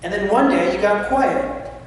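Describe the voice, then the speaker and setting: Man, high voice, spiritual speaker; impassioned sermon, distant mic in a big reverberant hall with faint hiss. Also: a little slow. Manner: impassioned, acts out anxious inner voices. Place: large church hall.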